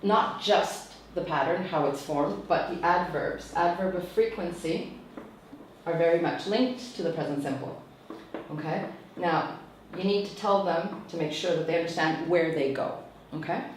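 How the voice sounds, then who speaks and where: A woman teacher trainer talks through a lesson in a steady, explaining manner, often stopping to check with "okay?". Her voice sits somewhat low. She is recorded from a distance in a very echoey room with faint background noise. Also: measured pace. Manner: explains patiently, tags points with "okay?". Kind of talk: teacher tutorial lecture. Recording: echoey room, mic far off.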